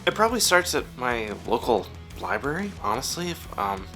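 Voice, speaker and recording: A man's voice: a little high, big pitch swings, normal speed, creaky, pushed and bright, faint music behind. A man in his thirties who writes and draws comics, answering interview questions in a rambling, self-deprecating way with many fillers, recorded in his home studio. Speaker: comic book writer and artist.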